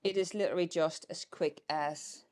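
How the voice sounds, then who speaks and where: A woman's voice: fairly low pitch, steady tone, normal speed, a little mellow. A woman vlogging about reselling vintage decor, chatting casually and thinking aloud as she goes. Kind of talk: casual vlog chat.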